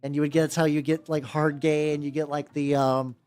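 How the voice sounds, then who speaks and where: A woman's voice: deep voice, level tone, brisk, a little mellow. A woman streaming while painting miniatures, chatting casually in a rambling way, swearing freely and often restarting her sentences. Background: faint background music.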